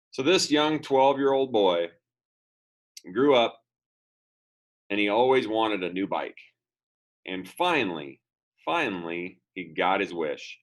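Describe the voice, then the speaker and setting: A man with a lowish voice, captured in a rough recording, gives an upbeat motivational lesson to students as a school speaker. He tells a story and acts out its quoted dialogue.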